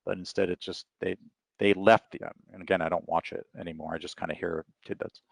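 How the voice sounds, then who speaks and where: A middle-aged man with a very low voice and a gravelly rasp, talking easily as an interview guest. He tells his stories in a relaxed, rambling way. The sound is dry and close. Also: fairly quick, no echo. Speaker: author guest. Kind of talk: casual interview talk.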